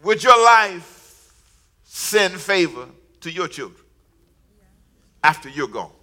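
A middle-aged male preacher with a high-pitched, sharply bright voice. He tells stories with humor, chuckles at his own jokes, and leads the congregation in call-and-response. At the big moments he shouts out emphatic declarations. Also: sing-song, slow pace. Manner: call-and-response, urging the congregation to repeat lines. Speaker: pastor. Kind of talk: sermon.

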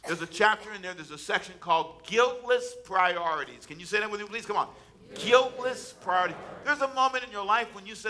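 A man's voice: high-pitched, a little fast, pushed and bright. A man preaching a sermon as pastor, conversational and humorous, calling out to his congregation for responses.

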